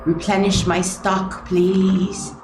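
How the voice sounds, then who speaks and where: A young woman streaming a game, chatting casually and giggling as she thinks out loud. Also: mid-range voice, little pitch movement, slow. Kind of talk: casual gameplay commentary. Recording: roomy echo with clear game music.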